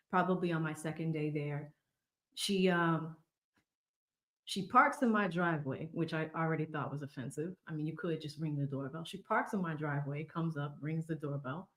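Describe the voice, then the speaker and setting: A woman in her thirties with a Boston accent, hosting a casual, chatty commentary stream. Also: low voice. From Boston area. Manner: chatty, conversational, full of fillers. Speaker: legal commentary host. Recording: roomy echo.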